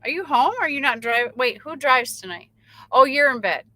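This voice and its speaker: A woman's voice: sits high, expressive, moderate pace, pushed and bright, low-quality recording. A woman, a truck driver, chatting casually on a late-night livestream and reading out viewer comments, rambling with lots of fillers.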